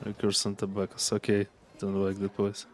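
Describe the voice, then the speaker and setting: A man's voice: fairly low pitch, completely flat delivery, moderate pace, slight background noise. A man streaming a video game, chatting casually and laughing often as he plays. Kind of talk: casual gameplay commentary.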